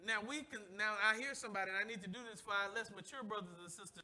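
A man preaching a sermon in call-and-response style, asking the congregation to finish his sentences and acting out lively asides. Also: sits high, fast talker. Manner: animated, acts out voices and laughs while preaching. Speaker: pastor.

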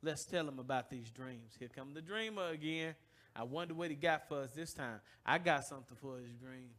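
A man voicing jealous brothers plotting in a low, mocking mutter during a sermon. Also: brisk, fairly bright tone, natural voice. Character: jealous scheming brothers, young men, menacing.

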